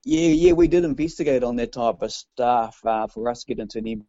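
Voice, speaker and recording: A man's voice: medium pitch, huge pitch swings, a little fast, vocal fry, warm tone, no echo, muffled recording. A man from New Zealand with a New Zealand accent, co-hosting a radio show in casual banter, chatty and laughing often. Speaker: radio co-host.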